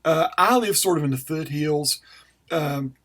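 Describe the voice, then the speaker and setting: Male vlogger with a Western North Carolina mountain accent, slightly hoarse, casual and meandering, with a voice pitched a bit high. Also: measured pace, fairly bright tone. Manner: folksy and rambling, often clears throat. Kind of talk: casual talk answering a viewer question.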